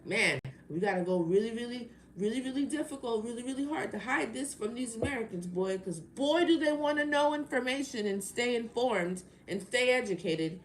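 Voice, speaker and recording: A woman's voice: a little high, lively intonation, normal speed, few pauses. Woman, tarot live-stream host, fed up and sarcastic, full of rhetorical jabs; echoey room audio with light noise. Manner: heated, exasperated and sarcastic, with rhetorical questions. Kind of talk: ranting live-stream chat.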